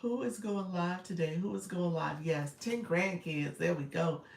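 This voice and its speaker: Hosting a relaxed live stream, this woman, a coach and host, chats with viewers and greets them by name, laughing often and using plenty of fillers. Her voice sits lowish, with vocal fry and an unhurried pace. It's captured on a phone from a distance, sounding roomy with a little noise.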